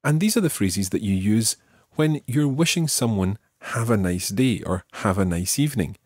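In this podcast language lesson, the man's fairly low, slightly husky, darkish voice moves up and down animatedly at a moderate pace as he explains. He takes the learner patiently through each phrase and demonstrates its pronunciation, recorded close and dry with no room sound.

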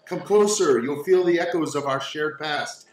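A man voicing a serene ghost of a young man speaking from a pond, soft, solemn and poetic. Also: a little high, normal speed, close to an everyday voice. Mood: tender. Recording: roomy, distant mic, faint noise.

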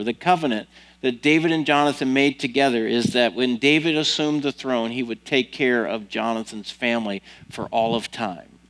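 A man's voice: medium pitch, normal speed, a bit bright, low-quality recording. A male pastor preaching a sermon, retelling a story with casual asides to the congregation. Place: church.

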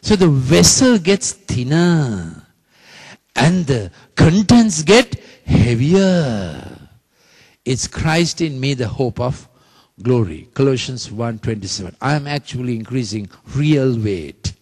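A man's voice: medium pitch, big pitch swings, slow, a little mellow, husky. A man preaching a sermon, repeating phrases emphatically and leading the congregation in call-and-response.

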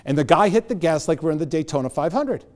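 A man's voice: a little high, quick pace. A middle-aged man giving a motivational talk, telling stories and acting out the voices of the people in them. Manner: animated storyteller acting out voices. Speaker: motivational speaker. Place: event hall.

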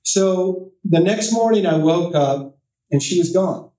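Brief: middle-aged male author telling a story to a library audience, slightly high, mellow voice, picked up from across an echoey room. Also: slow pace. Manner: anecdotal, self-deprecating, with quoted voices. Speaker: author giving a library talk. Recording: echoey room, distant mic.

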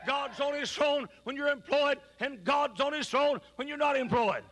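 A man's voice: extremely high pitch, moderate pace, fairly bright tone. A man preaching a sermon at a conference, hammering listeners with repeated rhetorical questions. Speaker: pastor. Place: large conference hall. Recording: old archive sermon recording.

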